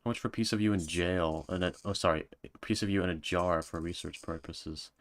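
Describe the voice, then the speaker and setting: A man's voice: deep voice, brisk, no room sound. A man streaming and reading viewer comments in a joking, self-mocking casual chat.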